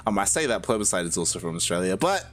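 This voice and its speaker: A man casting a live video game match in a relaxed way, with drawn-out phrasing and frequent laughter. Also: sits low. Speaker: esports caster.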